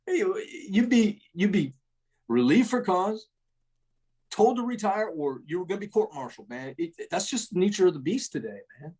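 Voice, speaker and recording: A husky, slightly high-voiced middle-aged man spins salty stories as a podcast guest. He talks casually and animatedly, ending lines with "man.". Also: animated, moderate pace, a little mellow. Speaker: retired army first sergeant, guest. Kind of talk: casual storytelling.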